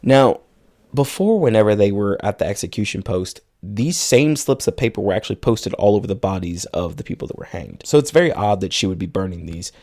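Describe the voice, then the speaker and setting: A man's voice: lowish voice, expressive, brisk, darkish tone. A man co-hosting a podcast, retelling a film's plot in casual chat and quoting its characters in passing. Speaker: podcast co-host. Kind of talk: casual film recap.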